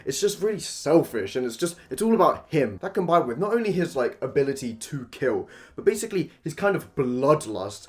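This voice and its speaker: A man's voice: medium pitch, darkish tone. A man giving a casual, opinionated review monologue about a manga, blunt and profane, swinging between rants and gushing.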